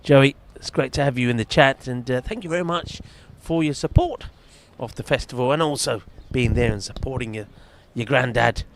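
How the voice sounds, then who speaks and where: A man's voice: mid-range voice, normal speed, creaky, hardly any pauses, a little hiss or hum. A man giving live, chatty commentary at a cricket match, bantering with the fielders near him. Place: outdoors at a cricket ground.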